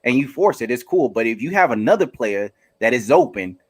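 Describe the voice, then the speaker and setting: A man in a casual sports debate who speaks haltingly, restarting with repeated words as he makes his point. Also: mid-range voice, animated.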